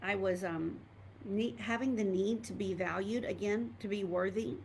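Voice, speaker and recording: A woman's voice: mid-range voice, moderate pace, darkish tone, a little hiss or hum. A middle-aged woman, a doctor and coach, talking casually to viewers from home on a laptop microphone, candid and rambling with many fillers and restarts. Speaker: doctor and coach speaking to an online group. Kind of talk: casual live talk to viewers.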